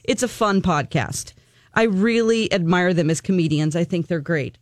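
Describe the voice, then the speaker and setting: A woman co-hosting a podcast, telling a personal story in a casual, animated way, acting out quotes and laughing often. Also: lowish voice, normal speed, no echo, clean studio sound. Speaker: podcast co-host.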